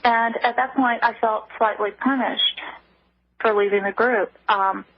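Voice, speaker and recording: A woman guest calls in to a radio interview, her voice husky and slightly high. She halts and restarts often as she talks. The phone line is thin, tinny and dry. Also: steady tone. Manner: halting, with many restarts. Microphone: telephone.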